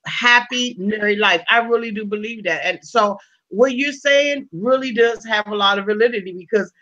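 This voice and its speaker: A woman's voice: medium pitch, moderate pace, bright, forceful tone. A woman in her fifties, talking frankly and emphatically in a casual chat. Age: 50s. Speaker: host. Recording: dull lo-fi sound.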